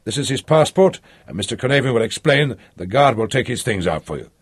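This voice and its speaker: Man putting on a fawning prison officer, officious, quick, raised and a bit louder, husky, dry close sound. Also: mid-range voice, expressive. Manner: brisk, fawning, hurried. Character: officious self-confident male prison lieutenant. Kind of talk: audiobook character voice.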